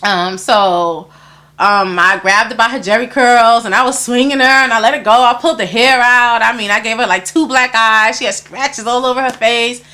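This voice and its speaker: A woman guest in an interview, telling a story in casual talk, animated and acting out other people's lines, swearing often. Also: fairly high pitch, moderate pace.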